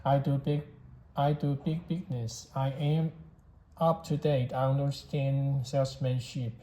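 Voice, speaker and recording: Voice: mid-range voice, level tone, a little slow, warm tone, lightly acted. A reader voicing a cheerful, boastful Italian salesman who gushes about his business, in a storybook reading recorded in an echoey room. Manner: gushing, boastful. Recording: echoey room, faint background hiss.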